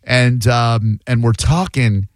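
A man's voice: mid-range voice, fairly even intonation, takes it slowly, dry recording, clean studio sound. A man hosting a podcast, chatting casually and joking sarcastically. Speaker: podcast host. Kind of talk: casual chat.

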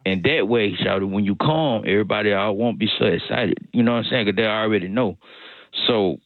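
A man's voice: lowish voice, a little fast, no room sound. Male caller, drawling comic excuse-maker, phone-line audio, dry. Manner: drawling, repetitive, excuse-making.

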